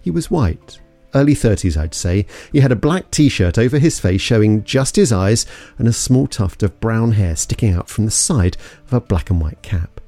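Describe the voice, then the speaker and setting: A man's voice: lowish voice, lively intonation, normal speed, warm tone, soft background music. A man from London narrating an investigative story in a suspenseful, scripted way. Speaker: podcast narrator.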